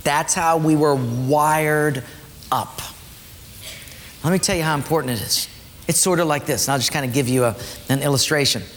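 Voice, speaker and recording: A man preaching a sermon, emphatic, dropping his voice low to drive his points home. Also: moderate pace, pauses often, a bit bright, slight background noise. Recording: echoey hall, faint ambience.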